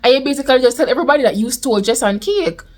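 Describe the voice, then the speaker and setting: A young woman with a Jamaican accent telling a storytime vlog in a lively way, slipping into patois. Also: high-pitched, very fast. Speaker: vlogger. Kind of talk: casual storytime.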